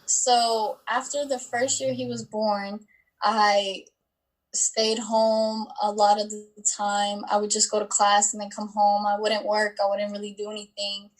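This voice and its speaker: A woman's voice: mid-range voice, little pitch movement, measured pace, low-quality recording. Young woman in her 20s on an interview, talks casual, lots of like and um. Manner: chatty, with many likes and ums. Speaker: guest.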